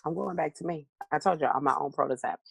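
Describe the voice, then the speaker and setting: A woman's voice: sits low, fast talker, creaky, breathy edge. A middle-aged woman guest in an interview, telling stories with animation and acting out her own replies. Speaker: interview guest, motivational speaker. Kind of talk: candid conversational interview.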